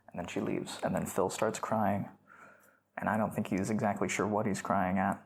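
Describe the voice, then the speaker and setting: A woman's voice: extremely low pitch, level tone, normal speed, gravelly. A woman co-hosting a casual film podcast, enthusiastic and often laughing as she retells scenes. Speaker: podcast co-host.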